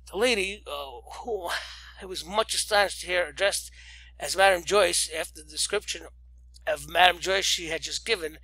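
A man's voice: high voice, sharp tone, low-quality recording. A man reading a classic story aloud with theatrical delivery and occasional stumbles. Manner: theatrical, occasional slips and restarts. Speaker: audiobook reader.

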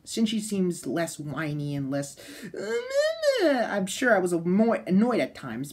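A woman giving a casual, rambling spoken review of an anime, chatty and excitable, full of fillers and restarts. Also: low voice. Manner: excitable, jumps into loud shouted bits.

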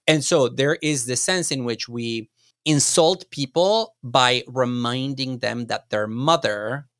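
A man's voice: medium pitch, slow, fairly bright tone, no room sound. Thoughtful man co-host, dry studio sound. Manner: thoughtful, frequent fillers and restarts, laughs. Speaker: podcast co-host. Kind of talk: academic conversation.

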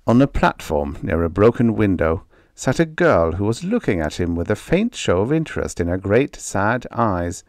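Male audiobook narrator, low voice, lively pitch, slow pacing, dry close sound. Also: creaky, no echo. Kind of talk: scripted horror story narration.

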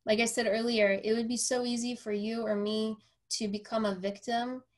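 A woman hosting a podcast interview, telling a lively story and acting out the voices of the people in it. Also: fairly high pitch, moderate pace. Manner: animated storyteller, quoting herself and others. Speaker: podcast host. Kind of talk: casual interview conversation.

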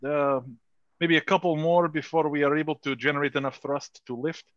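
A man playing a chief engineer in a tabletop game, reporting in a measured, officer-like way with fillers. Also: on the high side, fairly even intonation, no room sound, muffled recording. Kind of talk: tabletop role-play.

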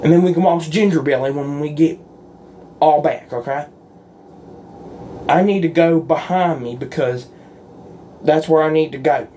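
Slow, folksy man leading a roleplay. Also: fairly high pitch, mellow, slight background noise. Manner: folksy, earnest, pleading. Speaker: roleplay creator. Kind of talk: solo character roleplay.

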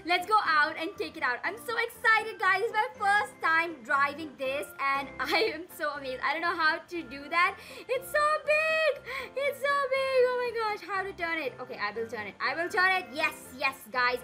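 Excitable high-voiced woman gaming host. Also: normal speed, hardly any pauses, soft background music. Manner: excitable, gasping and exclaiming. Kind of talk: excited gameplay commentary.

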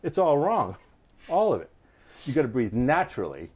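A man's voice: mid-range voice, normal speed, breathy edge. A man, an interviewed trumpet player, explaining technique in conversation and sounding out vowels. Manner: animated, demonstrates vowel sounds.

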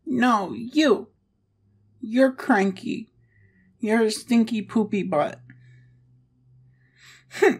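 Woman, audio role-play performer. Pouty and whiny, very slow delivery, lively pitch. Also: slightly rough.

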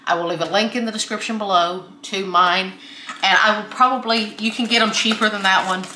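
A woman's voice: mid-range voice, steady tone, fairly quick, pushed and bright, echoey room, slight background noise. A woman hosting a home cooking tutorial from her kitchen, talking in a friendly, chatty way while she mixes ingredients. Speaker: cooking channel host.

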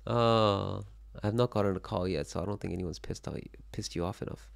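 A man's voice: low-pitched, fairly quick, creaky. A young man from Korea hosting a casual solo show, rambling and joking with frequent swearing. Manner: rambling, animated, swears freely, jokey. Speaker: livestream host. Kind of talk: casual chat reacting to chat.

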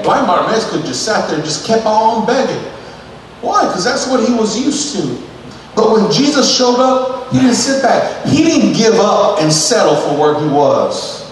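A man's voice: sits high, slight background noise. A male pastor preaching emphatically and acting out scenes, heard from a distance in an echoey church sanctuary. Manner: emphatic preaching that acts out scenes, with calls to the congregation. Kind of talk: sermon. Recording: echoey church hall from far off.

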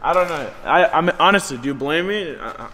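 Brief: slightly higher-voiced guy, playful and self-mocking, with a long echo trailing his words. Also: expressive, fast, bright, forceful tone. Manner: laughing, self-mocking storyteller. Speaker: friend and truck owner. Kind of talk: casual banter.

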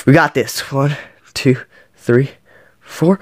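A man plays a phone game and counts every flip out loud, with his pitch leaping high on misses and dropping low on the counts. He talks slowly, with plenty of pauses between bursts. The sound is dry and close, with no room echo. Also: wildly swooping pitch, gravelly. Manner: counts flips aloud, yelps and groans at misses. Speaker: gaming channel host. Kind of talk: playing a mobile game while counting aloud.

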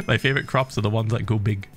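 A middle-aged man streaming to a live chat, ranting in an animated, exasperated way, swearing freely and laughing in disbelief. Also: lowish voice, brisk. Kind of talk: casual rant to a live chat while gaming.

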